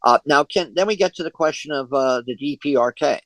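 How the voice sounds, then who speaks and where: A man's voice: on the high side, fairly quick, a bit bright, no room sound, low-quality recording. A man leading an online discussion group over a video call, talking at length with many fillers and restarts.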